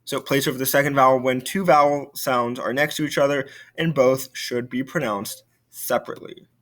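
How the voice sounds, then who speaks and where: A man's voice: mid-range voice, steady tone, moderate pace, a bit bright. A male French teacher giving a recorded video lesson, explaining patiently and repeating key points.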